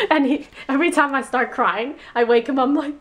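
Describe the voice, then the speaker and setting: Young female vlogger, chatty and giggly, slightly higher voice, talking to camera at home. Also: slight background noise. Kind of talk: casual vlog chat. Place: apartment bedroom.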